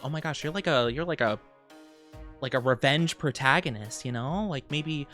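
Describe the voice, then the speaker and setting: Woman vtuber yapping with chat, giggly and bouncy, low-ish voice, soft music under it. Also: normal speed. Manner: playful, giggly, animated. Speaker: VTuber streamer. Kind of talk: casual live-stream chat with viewers.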